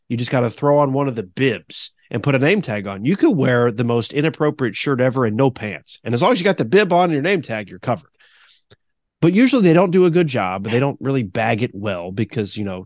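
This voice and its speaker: Male podcast co-host, 30s, animated pitch, casual rambling delivery. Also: no echo, studio quality. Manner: rambling storyteller, laughs often. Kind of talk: casual chat.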